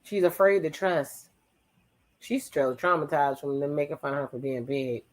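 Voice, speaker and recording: A host giving casual watch-along commentary on a reality show, teasing and recapping the couples' dialogue in quick playful asides. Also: medium pitch, steady tone, rough recording.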